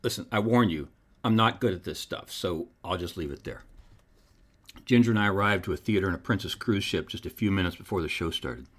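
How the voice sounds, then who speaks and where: A man hosting his own podcast, reading scripted commentary in an emphatic, preacherly way. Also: a little fast. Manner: emphatic, preacherly delivery with wide pitch swings. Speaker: podcast host.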